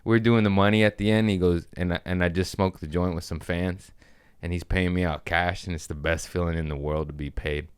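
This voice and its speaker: Rowdy low-voiced profane comedian. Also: male voice, fairly even intonation, brisk, smooth, no echo, clean studio sound. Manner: profane, rambling, laughs often. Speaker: comedian and podcast host. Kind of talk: casual solo podcast monologue.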